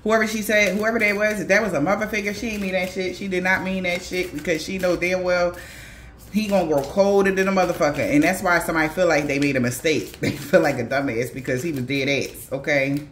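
A woman's voice: on the low side, fairly even intonation, brisk, a little hiss or hum. A woman doing a casual tarot reading for viewers, talking bluntly in slangy, profane speech with laughing asides. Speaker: tarot reader. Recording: echoey room.

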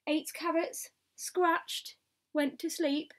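A woman reading a picture book aloud, in a steady diary style with asides to the listener. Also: a little high, slow. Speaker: storybook reader.

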